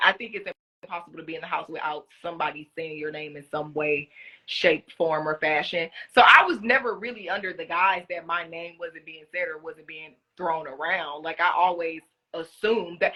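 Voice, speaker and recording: A young woman in casual live-stream chat, answering fan questions about being a reality show contestant, talking in an animated way with many fillers. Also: fairly low pitch, moderate pace. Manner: chatty, animated, lots of "like" fillers. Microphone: phone.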